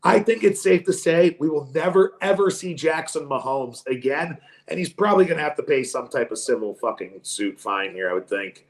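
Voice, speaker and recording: A man co-hosting a podcast, talking sports in a profane, animated way and acting out quoted voices. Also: a little high, moderate pace, roomy sound. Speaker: podcast co-host. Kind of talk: casual sports chat.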